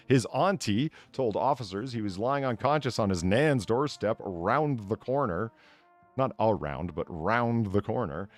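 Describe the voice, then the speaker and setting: A man hosting a casual podcast, reading odd news stories aloud, laughing often and tripping over words. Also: medium pitch. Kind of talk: casual chat.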